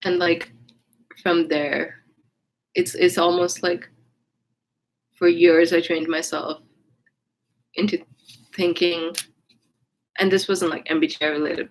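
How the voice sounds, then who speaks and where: A woman's voice: fairly low pitch, a bit bright, poor audio. A woman telling a personal story in a casual vlog, rambling with many restarts and speaking candidly with casual swearing. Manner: rambling, with frequent restarts and fillers. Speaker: vlogger.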